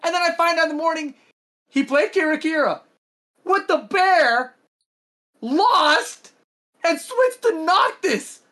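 A man's voice: very high voice, expressive, takes it slowly, long pauses, pushed and bright. A man on a casual podcast, telling a story, swearing and acting out quotes.

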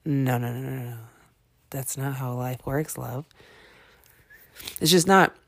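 A woman podcast host delivers a candid personal monologue in an extremely low, creaky voice. She is blunt and emphatic, swears often, and talks haltingly with many fillers and restarts.

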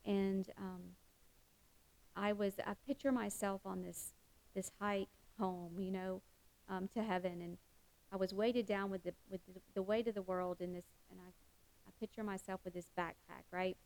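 A woman's voice: medium pitch, fairly even intonation, normal speed, a little mellow, low-quality recording. A middle-aged woman giving a heartfelt devotional talk, earnest, with many fillers and restarts. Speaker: Christian speaker.

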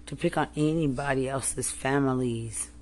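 A woman in an angry personal rant, furious and accusing, repeating herself, cursing and often yelling. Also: rumbling low, moderate pace.

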